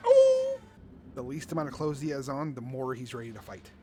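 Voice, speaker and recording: A man giving playful, excited commentary while playing a video game with his son, exclaiming often. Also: medium pitch, fast, heavy background noise. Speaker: gaming video host.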